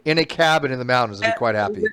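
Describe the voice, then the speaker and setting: A man's voice: medium pitch, racing. Guy hosting a debate hangout, bouncy up-and-down voice, amused, keeps egging folks on. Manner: lively, amused, encouraging. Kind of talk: casual debate chat.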